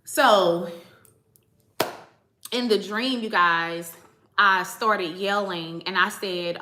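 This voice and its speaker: Bright-voiced woman telling a story, echoey room. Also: mid-range voice, animated, slow pace. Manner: chatty, emphatic, speaks straight to viewers. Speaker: spiritual channel host. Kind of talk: casual spiritual storytelling.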